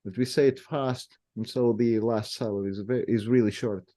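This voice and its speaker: A man's voice: on the low side, fairly even intonation, moderate pace, dark tone. A man whose first language is Portuguese, speaking English with a Portuguese accent and patiently demonstrating how words sound. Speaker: language guest explaining pronunciation. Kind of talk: explanatory conversation.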